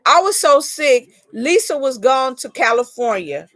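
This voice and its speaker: A woman's voice: high-pitched, big pitch swings, a little slow, a bit bright, no room sound. A woman hosting a casual live chat, telling a long personal story in a rambling way and greeting viewers by name.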